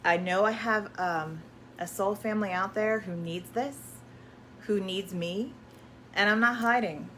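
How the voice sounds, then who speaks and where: A woman's voice: mid-range voice, a little slow, a bit bright, a little hiss or hum. Effusive woman spiritual coach, affirming. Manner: effusive, affirming, repeats herself; uplifting self-help language. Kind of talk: casual promotional chat.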